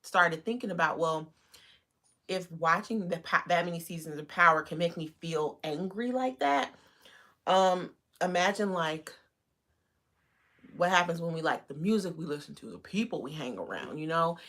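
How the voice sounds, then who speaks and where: A woman's voice: animated, moderate pace. A woman hosting a live stream, chatting casually and rambling with lots of fillers. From United States. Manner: greets viewers in a bright high voice. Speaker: livestream host.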